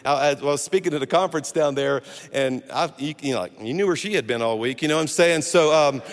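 Brief: male pastor, chatty storyteller from the pulpit, higher pitch, echoing church hall. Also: a little fast. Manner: animated, jokey storyteller with many restarts. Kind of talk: storytelling sermon. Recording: echoey hall.

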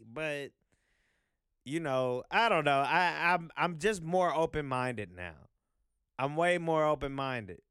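A man's voice: a little high, lively intonation, measured pace, a bit bright, clean tone, no echo, studio quality. A man hosting a vlog, talking in a loose, profane, rambling monologue full of fillers. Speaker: vlog host.

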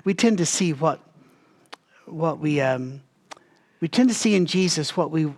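A man leading a Bible study, talking straight to his listeners in a conversational, animated way with frequent restarts. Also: fairly high pitch, a little slow.

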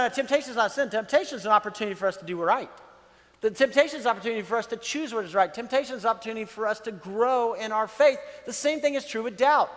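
A pastor preaching a sermon in a conversational way, acting out what people say. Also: male voice, sits high, a bit bright. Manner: conversational preaching with acted-out quotes. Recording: long hall reverb.

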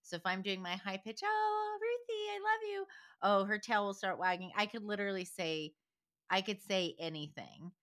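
A woman's voice: medium pitch, steady tone, moderate pace, fairly bright tone. A woman co-hosting a podcast in casual chat, talking loosely and laughing often as she wanders between thoughts. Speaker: podcast co-host.

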